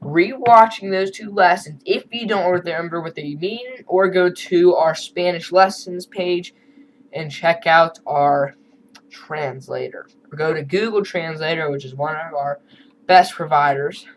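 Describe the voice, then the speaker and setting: A man's voice: on the high side, measured pace, slight background noise, rough recording. Casual man teaching a Spanish lesson. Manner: casual, conversational teaching with asides. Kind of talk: screen-recorded online lesson.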